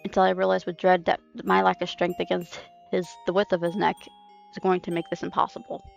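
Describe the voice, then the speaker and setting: A woman reading a dark first-person story aloud on a stream, intense and halting, with restarts. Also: fairly low pitch, monotone, gravelly, faint music behind. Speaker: reader. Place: home streaming setup. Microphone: streaming mic.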